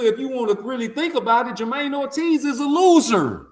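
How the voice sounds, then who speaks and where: High-voiced man ranting trash talk. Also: lively intonation, brisk, few pauses, reverberant. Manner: trash-talking, mocking, heated. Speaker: boxing commentator. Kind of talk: profane boxing rant to camera.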